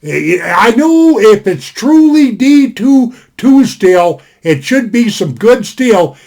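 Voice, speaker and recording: An older man sits at his desk indoors and reviews a knife casually on his webcam, his high voice sing-song, slow and darkish. He rambles in a folksy way, repeating himself and spelling out words.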